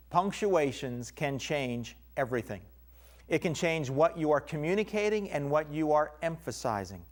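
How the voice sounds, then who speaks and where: Man, Bible teacher, emphatic lesson delivery, slightly higher voice. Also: very animated, normal speed. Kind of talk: recorded lesson.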